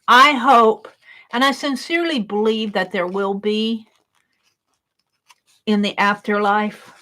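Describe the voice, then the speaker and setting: A woman's voice: mid-range voice, slow, bright, forceful tone. An older woman chatting casually while she crafts, rambling and giggling and talking to herself. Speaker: craft vlogger.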